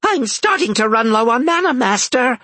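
A man voicing a small, panicky male imp servant with a squeaky, high voice, from an audiobook. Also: lively intonation, moderate pace, sharp tone, no echo, exaggerated voice. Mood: anxious.

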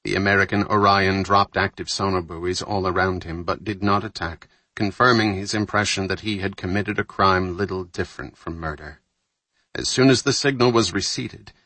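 A man reading a thriller audiobook aloud in a measured, steady narration, lightly voicing the dialogue. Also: sits low, dry recording.

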